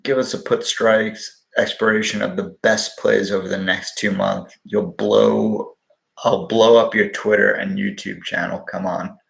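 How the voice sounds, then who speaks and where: A man's voice: lowish voice, little pitch movement, measured pace, gravelly, a bit bright, reverberant. A man hosting a live stream, answering viewers' questions in a blunt, profane, wisecracking way. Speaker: livestream host answering viewer questions on stocks. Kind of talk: casual live-stream chat.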